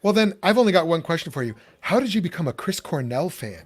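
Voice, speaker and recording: A man's voice: a little high, very animated, quick pace, slight background noise. A man from Chicago hosting a podcast, chatty and rambling, with many fillers and restarts. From Chicago, USA. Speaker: podcast host. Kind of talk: casual podcast interview.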